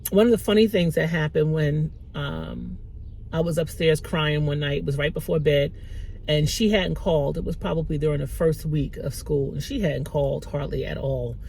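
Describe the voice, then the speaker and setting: A woman's voice: moderate pace, vocal fry, a little hiss or hum. A middle-aged woman and mother giving a heartfelt faith pep talk to the camera, conversational and tearful. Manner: warm, conversational, lively pitch swings with bursts of laughter. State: tearful, emotional. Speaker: mother and small business owner.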